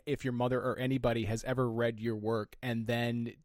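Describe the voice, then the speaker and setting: A podcast co-host asks questions and adds wry, deadpan remarks. The voice is low for a woman's, and the sound is dry and close with no room echo. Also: brisk. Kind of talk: casual podcast chat.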